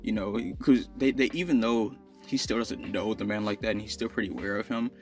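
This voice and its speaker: A man's voice: lowish voice, fairly even intonation, fairly quick, faint music behind. A young man casually narrating an improvised fan story, rambling with many fillers.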